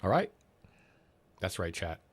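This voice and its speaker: A man's voice: wildly swooping pitch, measured pace, breathy edge. A young man chatting casually on a livestream, crude and rambling, mocking himself. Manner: crude, rambling, self-mocking, low-key. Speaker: streamer.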